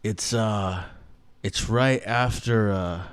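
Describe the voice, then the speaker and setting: Speaking slowly in a fairly low, clean voice, a male host rambles through a casual monologue, cursing and frequently starting his sentences over amid fillers. The recording is dry.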